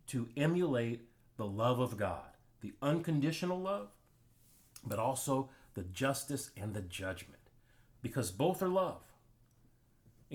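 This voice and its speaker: A man hosting his own channel, giving an emphatic, preachy commentary monologue and telling personal anecdotes. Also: mid-range voice. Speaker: channel host.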